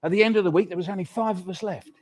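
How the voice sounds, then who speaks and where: A man's voice: sits high, very fast. An older man telling comic stories to a hall of children and getting them to join in. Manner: animated, leads audience call-and-response. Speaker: children's author performing. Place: hall at live awards event.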